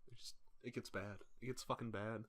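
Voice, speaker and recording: Bright-voiced young man joking crudely. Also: fairly low pitch, steady tone, a little fast. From Minnesota. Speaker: podcast co-host. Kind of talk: casual profane banter.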